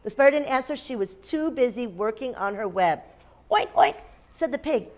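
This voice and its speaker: A woman's voice: on the high side, animated, fairly quick, darkish tone. A woman teacher in a classroom, reading a picture book aloud to young children, asking them questions and making animal sounds. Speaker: kindergarten teacher.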